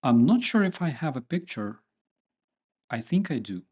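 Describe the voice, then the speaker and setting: A man's voice: medium pitch, sing-song, moderate pace, darkish tone, husky. A man with a Ukrainian accent, hosting his channel and chatting casually with viewers, joking and using many fillers. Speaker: channel host. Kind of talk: casual chat with viewers, reading comments.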